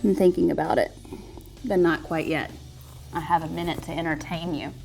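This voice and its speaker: A woman's voice: sits low, steady tone, normal speed, creaky, darkish tone, faint music behind. Chatty, playful woman yoga instructor. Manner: chatty, playful and joking while guiding poses. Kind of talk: guided yoga class.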